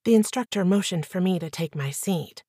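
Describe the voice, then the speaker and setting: A woman reading a first-person novel aloud as an audiobook narrator with clear, even storytelling. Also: fairly low pitch, moderate pace, no room sound, studio quality.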